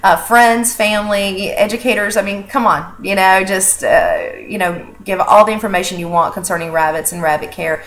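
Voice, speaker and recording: A woman's voice: medium pitch, fairly even intonation, moderate pace, hardly any pauses, fairly bright tone. A woman hosting a casual video update for an animal sanctuary, talking in an earnest, chatty way with many fillers and restarts. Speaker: animal sanctuary director and host.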